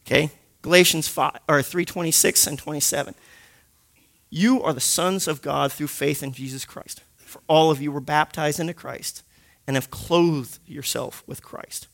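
A man teaching a Bible study group in an animated, jokey way, punctuating points with loud sound effects. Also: fairly high pitch, gravelly. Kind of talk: lively teaching talk to a group.

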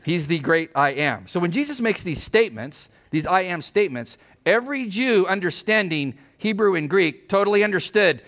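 A middle-aged man preaching a sermon as pastor, emphatic and animated, asking his congregation rhetorical questions. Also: high-pitched, normal speed, few pauses.

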